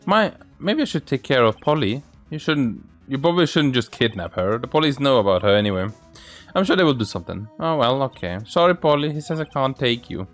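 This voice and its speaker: A man's voice: very animated, brisk, faint music behind. A man hosting a let's play, reading the game's characters aloud in shifting voices. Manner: reads lines for several game characters with shifting pitch. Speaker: gaming channel host.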